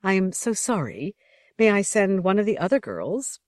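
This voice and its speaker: A woman reading the part of a soft-voiced, pleading young woman dancer. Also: medium pitch, big pitch swings, moderate pace, no room sound, clean studio sound, pitched above the performer's own voice, close to an everyday voice.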